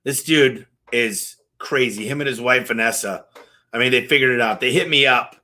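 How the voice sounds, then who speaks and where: A man's voice: medium pitch, moderate pace, bright, forceful tone. A man hosting a live Q&A, talking casually and passionately, telling stories with lots of energy and the odd swear word. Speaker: business owner hosting a live Q&A. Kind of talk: casual live-stream talk and storytelling.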